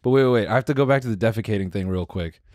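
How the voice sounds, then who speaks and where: A man's voice: fairly low pitch, racing, a little mellow, dry recording, clean studio sound. A man co-hosting a podcast who tells stories in a slangy, profane, casual way. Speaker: podcast co-host. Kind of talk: casual chat.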